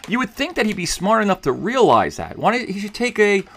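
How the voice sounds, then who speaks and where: A man's voice: sits high, sing-song, fairly quick, fairly bright tone. A man from the New York City suburbs hosting a podcast, giving emphatic, argumentative opinion commentary. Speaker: podcast host.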